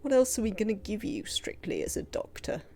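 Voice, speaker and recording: A woman talks her way through a live game stream in a chatty, rambling manner, often pausing on fillers. Her voice sits at a middle pitch, and quiet music plays underneath. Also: animated, vocal fry, breathy edge. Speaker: livestreamer. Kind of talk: casual live gameplay commentary.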